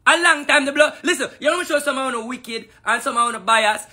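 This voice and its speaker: A man's voice: very high-pitched, brisk, sharp tone. A man with a Jamaican accent delivering a heated, profane rant in patois, full of repeated taunts. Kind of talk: angry ranting monologue.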